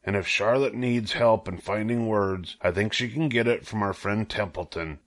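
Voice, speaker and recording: A man's voice: fairly low pitch, moderate pace, lightly acted. A man doing a shrewd old sheep. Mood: persuasive. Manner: calm, persuasive storybook reading.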